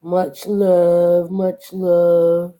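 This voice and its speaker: Tired, dark-voiced woman live streaming. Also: fairly low pitch, monotone, rough recording. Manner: drowsy, unhurried, thanks viewers one by one. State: tired and yawning. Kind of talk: casual live-stream chat with viewers. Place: at her workplace.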